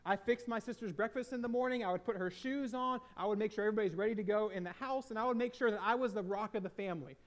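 Man, high register, earnest confessional storyteller addressing a crowd; leans on repetition. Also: fast talker, hardly any pauses. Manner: earnest, confessional, repeats phrases for emphasis. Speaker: speaker and former hospital chaplain. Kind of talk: personal storytelling talk to an audience.

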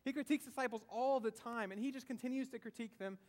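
A man's voice: very high voice, fast talker. A man from the American South giving a conversational sermon, asking the congregation questions and repeating key phrases. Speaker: preacher.

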